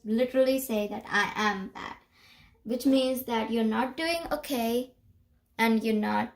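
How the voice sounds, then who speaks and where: A young woman teaching a beginner language lesson, explaining slowly and patiently and saying example phrases aloud. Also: on the high side, darkish tone.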